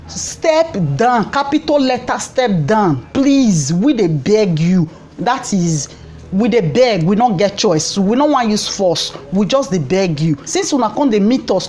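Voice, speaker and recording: A woman vlogger from Nigeria speaks in a Nigerian Pidgin English accent, her voice sitting at a middling pitch. She talks in a fervent, pleading way, hammering key phrases again and again as she comments straight to the camera. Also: darkish tone. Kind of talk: impassioned political commentary to camera.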